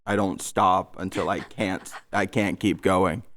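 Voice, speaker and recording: A man's voice: low voice, steady tone, unhurried, a bit bright. A man in his twenties, a guest comedian, answering in a plain, matter-of-fact casual chat. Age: 20s.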